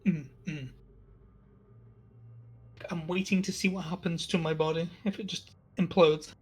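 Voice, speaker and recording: A player in a tabletop game, chatting excitably and playfully with the group. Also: medium pitch, measured pace, husky. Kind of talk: casual chat at a tabletop game.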